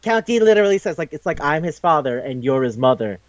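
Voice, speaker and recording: A man's voice: a little high, sing-song, quick pace, dry recording, highs cut off. A man co-hosting a podcast in casual chat, rambling loosely with lots of "like", swearing freely and acting out quoted lines as he retells a story. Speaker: podcast co-host.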